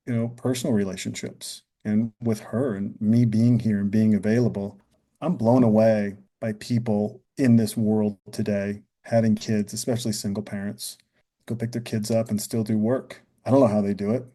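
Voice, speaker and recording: A man's voice: fairly low pitch, warm tone. A man as a podcast guest, talking earnestly and thinking aloud, often adding "you know" and "right?". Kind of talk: reflective podcast conversation.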